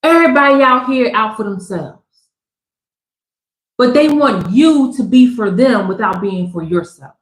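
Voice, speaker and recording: In Southern California, a tarot reader gives a live reading in a loud, slangy, slightly high voice, swinging between preaching and joking. She sounds animated yet unhurried, and the room echoes around her.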